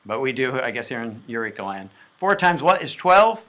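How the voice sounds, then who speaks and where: Man, math homework help, playful, talks through each step, jokey asides, bright voice. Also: medium pitch, very animated, moderate pace.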